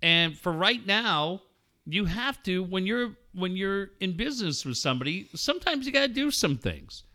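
A man hosting sports radio in a loud, profane rant, full of blunt jabs at his listeners. His voice sits high and swings wildly up and down, with a bright, cutting edge. It sounds like a studio mic. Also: sing-song, normal speed. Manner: loud, blunt and swearing, with mocking asides.

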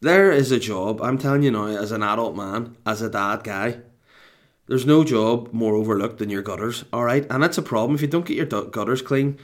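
A man's voice: medium pitch, a little fast. A man with a Scottish accent telling a rambling, sweary story at home with comic exasperation. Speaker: dad telling a story to camera. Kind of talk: casual rambling anecdote.

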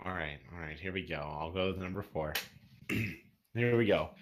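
A man's voice: sits low, normal speed. A man co-hosting a podcast in casual banter, joking around and swearing freely. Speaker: podcast co-host.

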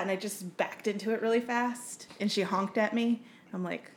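A woman's voice: mid-range voice, fairly even intonation, normal speed, hardly any pauses, a little hiss or hum. A woman co-hosting a casual podcast, telling a blunt, profane story with laughs. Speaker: podcast co-host. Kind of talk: casual chat.

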